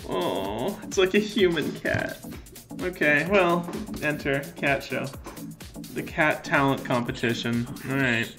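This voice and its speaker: A man giving joking let's-play commentary in a playful, goofy way, answering in mock meows. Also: a little high. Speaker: gaming video creator.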